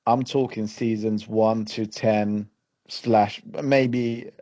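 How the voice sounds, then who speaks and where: A man's voice: lowish voice, steady tone, extremely slow, warm tone. A man co-hosting a casual podcast, blunt and full of fillers. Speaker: podcast co-host. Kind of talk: casual chat. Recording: dull lo-fi sound.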